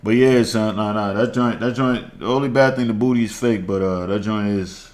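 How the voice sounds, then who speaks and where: A man from the DMV area chatting on a call-in stream, lively and slangy. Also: fairly low pitch, moderate pace, crowd noise. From DMV area, eastern US. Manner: lively slangy banter, says son a lot. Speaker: caller. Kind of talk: casual chat.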